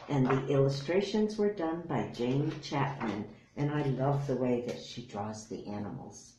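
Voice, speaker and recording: An older woman reading a picture book aloud to children, gentle and expressive. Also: very deep voice, a little hiss or hum. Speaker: storytime reader. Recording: echoey room.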